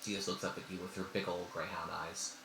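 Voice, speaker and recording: A man's voice: low voice, level tone, brisk, vocal fry, reverberant, over a noisy crowd, rough recording. A man narrating and ruling as game master, chatty and hesitant with fillers. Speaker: dungeon master. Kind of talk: running a tabletop game online.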